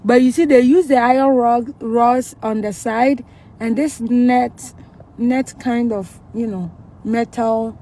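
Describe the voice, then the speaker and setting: A woman's voice: on the high side, steady tone, slow, mellow. A woman vlogging a walk through a new housing development outdoors. She explains things step by step and keeps checking in with her viewers. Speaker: vlogger giving a neighborhood tour. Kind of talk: casual explanatory walk-and-talk.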